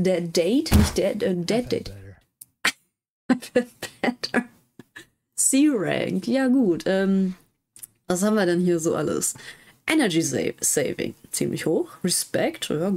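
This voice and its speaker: Woman streamer, casual game commentary, lively pitch, game music behind. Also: creaky. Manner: chatty, giggly asides. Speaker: let's play streamer.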